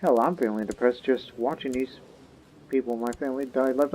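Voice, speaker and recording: Brisk and a little mellow at a medium pitch, a gaming YouTuber narrates a strategy game let's-play. He playfully role-plays its characters in a joking tone.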